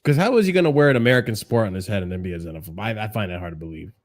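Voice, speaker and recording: A man's voice: lowish voice, lively intonation, very fast. Sarcastic man ranting on a stream. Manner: mocking, profane, swings from muttering to shouting. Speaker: streamer reacting to videos. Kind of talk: casual reaction stream. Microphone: desk microphone, clipping when loud.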